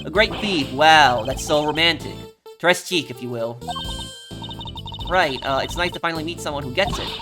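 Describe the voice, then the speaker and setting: A man's voice: on the high side, normal speed, natural voice. A slick, cocky male defense lawyer voiced by a man with a put-on accent, drawing his words out. Game music plays underneath. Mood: smug.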